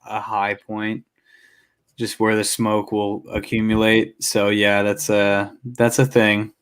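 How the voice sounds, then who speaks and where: A man in his late twenties telling stories in casual podcast chat, relaxed and swearing freely. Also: lowish voice, takes it slowly, clear, resonant tone. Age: 20s.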